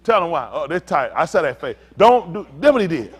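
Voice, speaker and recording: A man delivering a teaching sermon with a lively, sing-song delivery that rises and falls constantly. His voice sits slightly high, and he keeps drawing listeners in with questions in relaxed, everyday speech. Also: a little fast, slightly rough. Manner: animated, calls out to listeners, laughs and shouts at times; casual vernacular, asks "y'all understand?". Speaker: pastor.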